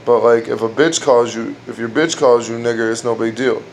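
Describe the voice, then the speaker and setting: A man riffs through crude jokes in a dark room at home, rambling and restarting his lines as he goes. His voice sits at an ordinary middle pitch. A faint air-conditioning hum runs behind him. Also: steady tone, fairly quick. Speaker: amateur comedian trying out jokes. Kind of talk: casual joke-telling at home.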